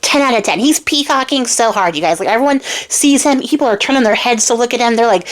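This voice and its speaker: A woman's voice: mid-range voice, brisk. A young woman casually retelling a fairy tale in a chatty, slangy way, laughing often. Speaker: YouTube storyteller.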